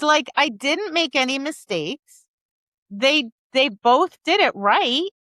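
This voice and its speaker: A woman co-hosting a dog training podcast, telling stories in a casual, animated way and slipping into quick voices for the people and dogs in them. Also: a little high, dry recording.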